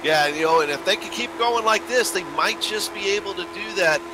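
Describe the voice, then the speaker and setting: A man commentating a sim race broadcast, relaxed and full of fillers, turning excited on the restart calls. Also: high-pitched, fairly quick, noisy background. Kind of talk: sim racing play-by-play commentary.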